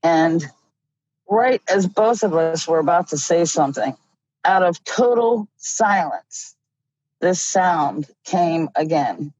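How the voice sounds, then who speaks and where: A middle-aged woman telling a story in a casual, animated way, often laughing as she goes. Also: on the low side, takes it slowly, no echo. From Ohio. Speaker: guest. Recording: dull lo-fi audio.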